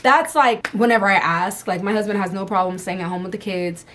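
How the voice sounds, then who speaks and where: Casting: young woman, a relaxed and frank mom vlogger speaking casually at home, unscripted. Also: mid-range voice, a little fast. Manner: frank, candid, loose and chatty. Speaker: mom vlogger answering viewer questions. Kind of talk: casual chat.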